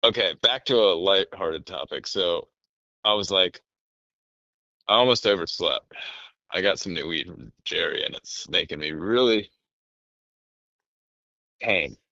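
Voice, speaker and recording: A man in casual podcast chat, telling rambling, animated stories and swearing often. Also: low voice, measured pace, long pauses, no echo, lo-fi sound.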